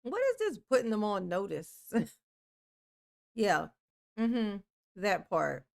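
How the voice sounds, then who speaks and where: Sassy lady streamer teasing and joking, smooth clear voice. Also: mid-range voice, expressive, slow. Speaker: livestream host. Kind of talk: casual reaction commentary.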